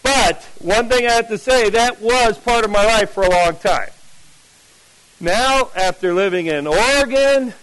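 A man's voice: sits high, a little slow, low-quality recording. A middle-aged man from New Jersey preaching a sermon at a camp meeting, telling chatty stories with asides to the congregation. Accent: mixed American, mostly lost New Jersey. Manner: chatty storyteller, animated asides to the audience. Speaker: pastor.

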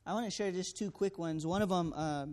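A man tells a personal testimony in an earnest, storytelling manner. His voice sits a little high for a man. He acts out each exchange and leans on fillers as he goes. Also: a little fast, a little mellow. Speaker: student canvasser sharing a testimony.

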